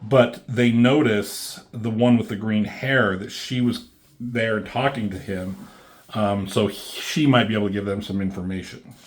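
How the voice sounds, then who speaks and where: A man's voice: on the low side, fairly even intonation, measured pace. A man casually reviewing a comic book, rambling and swearing freely, with lots of ums and likes. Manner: rambling and profane, many fillers like "um" and "like".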